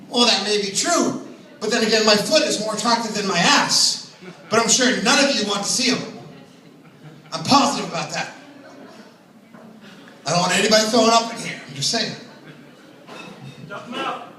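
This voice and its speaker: A man with a high, bright voice working through self-deprecating stories at an open mic. The sound is very echoey and caught from far back in a small room. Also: expressive, normal speed, long pauses. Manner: self-deprecating, chatty storytelling with asides. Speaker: stand-up comedian. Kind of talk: open mic stand-up comedy. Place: small comedy venue with audience.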